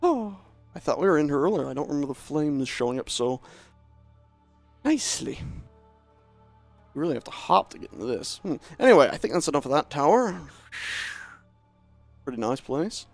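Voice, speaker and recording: Gravelly man chatting through a game stream. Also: on the high side, sing-song, normal speed, pauses often, dry recording, faint music behind. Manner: chatty, self-mocking, talks to himself while playing. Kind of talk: casual gameplay commentary.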